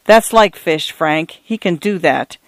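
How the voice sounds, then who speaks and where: A man's voice: fairly high pitch, animated, takes it slowly, a bit bright, dry recording, exaggerated voice. A man voicing a weary, cold male priest in his fifties who speaks in a dry, curt way. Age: 50s.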